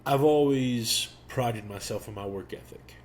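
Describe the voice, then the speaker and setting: Slow, reflective male podcast storyteller. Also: mid-range voice, a little hiss or hum. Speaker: podcast host. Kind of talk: storytelling monologue.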